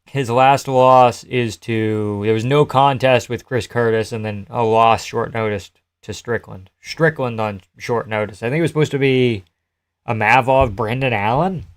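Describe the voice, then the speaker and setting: A man's voice: mid-range voice, steady tone, measured pace, smooth. Man rambling casually on a live stream. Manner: loose, rambling, profane, answers chat messages. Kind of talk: casual live-stream chat reacting to a fight card.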